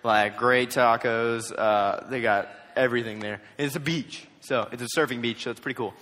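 A young man giving a storytelling youth sermon, jokey and animated, acting out what others said in quick put-on voices. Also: medium pitch. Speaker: youth speaker. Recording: long hall reverb.

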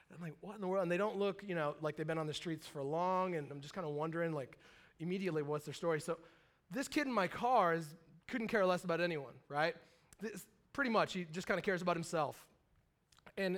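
Man, 30s, pastor, storytelling sermon, high-pitched, casual, rambling asides. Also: a bit bright. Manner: casual, chatty, full of fillers and asides.

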